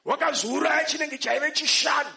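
Male interpreter, high forceful shouted delivery, slight rasp, echoey church hall. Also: moderate pace. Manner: shouting, emphatic.

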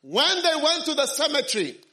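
A man's voice: very high-pitched, very animated, normal speed, bright, forceful tone. A man preaching a sermon through an interpreter, telling a scripture story dramatically and acting out the characters. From studied medicine.

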